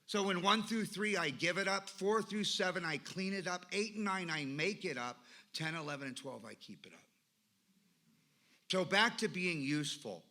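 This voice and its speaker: Male speaker, recovery-meeting share. Bright, tense tone, slightly high pitch. Emphatic storyteller. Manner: emphatic storytelling with lists and repetition. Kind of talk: personal recovery talk.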